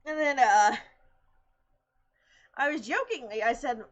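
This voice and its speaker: A woman's voice: fairly high pitch, normal speed, pauses often, fairly bright tone, highs cut off. A young woman streamer in casual chat, chatty and laughing often as she tells stories.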